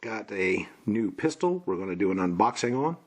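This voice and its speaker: A man's voice: fairly low pitch, very animated, normal speed, husky. A man casually walking through an unboxing, listing parts in a plain, matter-of-fact way. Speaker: gun reviewer.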